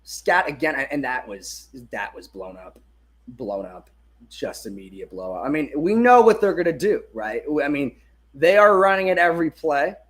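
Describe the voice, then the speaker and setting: A man with a high-pitched voice calls a game live as a fan streamer, talking into a phone held in his hand. He is excitable and curses freely. He swings between hyped shouting and quiet, muttered asides. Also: normal speed. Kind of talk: excited live sports watch-along commentary.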